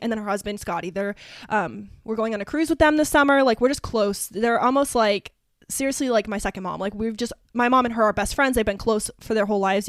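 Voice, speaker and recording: Bubbly 20s woman podcast co-host, quick and chatty, slightly high, dry close-mic sound. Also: dry recording. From Ohio. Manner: bubbly, chatty, lots of fillers. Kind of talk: casual chat.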